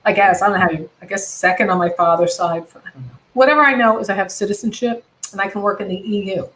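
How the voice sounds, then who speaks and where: Over a rough-sounding video call, a comedian guest from the United States speaks fast in a medium-pitched, slightly bright voice. The middle-aged woman is passionate and rambling, repeatedly stopping to correct herself in the casual conversation.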